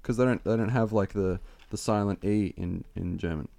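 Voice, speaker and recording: A man's voice: on the low side, normal speed, vocal fry, dark tone, no room sound. A man co-hosting a podcast, chatty and swearing casually. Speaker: podcast co-host. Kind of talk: casual chat.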